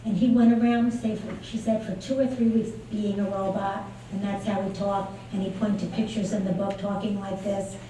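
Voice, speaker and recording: Mellow-voiced woman lecturing in an echoey hall. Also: medium pitch, flat delivery, normal speed, hardly any pauses. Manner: conversational storytelling, frequent fillers. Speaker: keynote speaker on early childhood play. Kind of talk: conference lecture. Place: large lecture venue. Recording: echoey hall from far off, faint noise.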